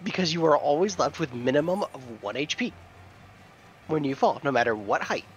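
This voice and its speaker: A man's voice: fairly high pitch, lively intonation, normal speed, dull audio, slight background noise. A man playing an online game alongside a friend, making dry, teasing remarks in casual chat. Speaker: co-player. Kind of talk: casual chat while gaming.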